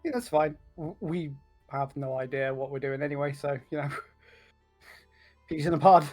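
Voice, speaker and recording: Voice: mid-range voice, normal speed, darkish tone, soft background music. A player in a tabletop game talking casually, laughing often and stumbling over restarts.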